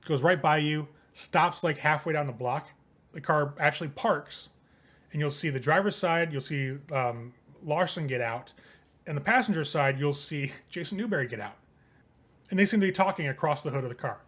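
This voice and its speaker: Relaxed man narrating a tabletop game. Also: fairly high pitch, normal speed. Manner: relaxed, rambling, filler-heavy. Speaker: game master.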